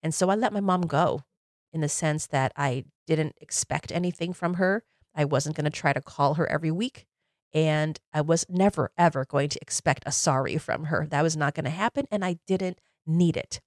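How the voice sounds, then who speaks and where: A woman's voice: low voice, normal speed, dry recording, studio quality. A woman in her forties hosting a podcast, telling personal stories in an earnest, reflective, conversational way. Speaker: podcast host.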